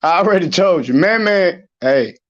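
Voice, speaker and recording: Animated man telling stories. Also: sits high, moderate pace, lo-fi sound, crowd noise. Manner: animated storytelling, acting out quotes, laughing. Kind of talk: casual chat on a live stream.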